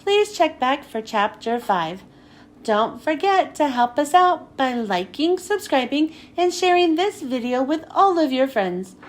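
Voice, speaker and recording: Woman, children's book reader, high voice, very lively, expressive storytelling. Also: a little slow. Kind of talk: reading a children's book aloud.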